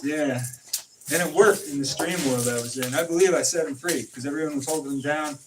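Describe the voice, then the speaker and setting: A man spins tales in loose, casual conversation, jumping into the voices of the people he quotes. His voice sits somewhat high for a man. He is caught from a distance, with a faint hiss under the recording. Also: fairly quick. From California. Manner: animated storyteller, acts out quoted dialogue. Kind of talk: casual storytelling chat. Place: informal home conversation. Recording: distant mic with faint noise.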